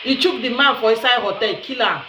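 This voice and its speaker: A woman's voice: on the high side, a little fast, recorded from a distance. A Nigerian woman talks to her followers while she cooks, teasing and laughing as she goes. She sits away from the mic in a roomy kitchen, with a faint hiss underneath. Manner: chatty and teasing, laughs often. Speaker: social media commentator. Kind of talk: casual commentary while cooking.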